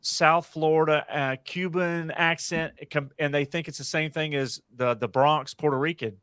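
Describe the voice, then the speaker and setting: A man's voice: a little high, steady tone, normal speed, fairly bright tone, clean tone, dry recording. An American man hosting a casual panel podcast, rambling and correcting himself as he gives strong opinions. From United States. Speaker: podcast host.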